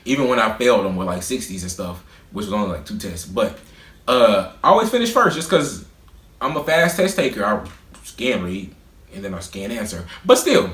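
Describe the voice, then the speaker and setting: A young man in his twenties telling a storytime vlog, animated, profane and boastful. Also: on the low side, moderate pace. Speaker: vlogger. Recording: roomy echo.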